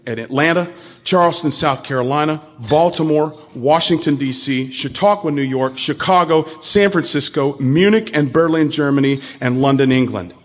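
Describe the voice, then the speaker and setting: A man's voice: a little high, dull audio. A man at a convention sharing his recovery story, speaking earnestly and directly to his audience. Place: convention hall talk.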